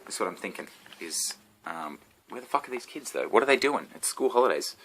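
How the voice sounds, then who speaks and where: Deep-voiced rambling Australian comedian. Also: male voice, big pitch swings, brisk, a bit bright. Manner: meandering, swearing, self-interrupting. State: sick throat. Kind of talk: rambling solo vlog rant.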